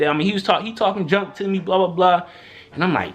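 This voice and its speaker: With soft music behind him, a young man vlogs a storytime monologue at a brisk pace. His delivery is loose and slangy, and he acts out what others said with big leaps in pitch.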